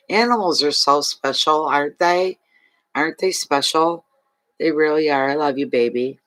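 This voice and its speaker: A man's voice: fairly high pitch, unhurried, long pauses, a bit bright. A man from Canada chatting casually on a livestream as a fortune reader, emotional, thanking viewers and talking to his dog.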